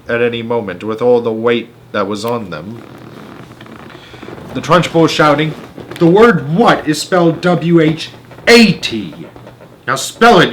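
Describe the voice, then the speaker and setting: A man reading a children's book aloud, animated, often stumbling and correcting himself. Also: medium pitch, slight background noise. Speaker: storyteller.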